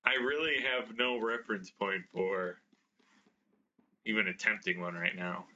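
An American man co-hosting a casual podcast, his voice low but with a very bright, forceful edge. He jokes at his own expense and laughs a lot. The audio sounds dull and lo-fi. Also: steady tone, unhurried. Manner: self-deprecating, laughing often. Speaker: podcast co-host. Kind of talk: casual chat.

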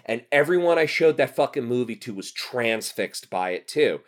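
A man in his thirties from New Jersey chats on a podcast. His delivery is animated and salted with profanity. His voice sits a little high for a man. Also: moderate pace, few pauses. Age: 30s. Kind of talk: casual podcast chat.

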